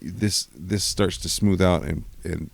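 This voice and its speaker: A man's voice: sits low, takes it slowly, creaky, slightly rough, no room sound. A man co-hosting a podcast from a bedroom at home, explaining things patiently and thinking aloud in casual chat. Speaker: podcast co-host.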